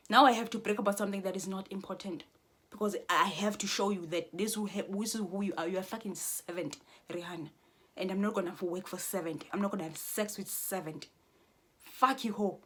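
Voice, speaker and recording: Heated, profane woman ranting at viewers. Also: medium pitch. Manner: heated, swearing, repeats and restarts phrases. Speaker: vlogger. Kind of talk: profane angry monologue to viewers.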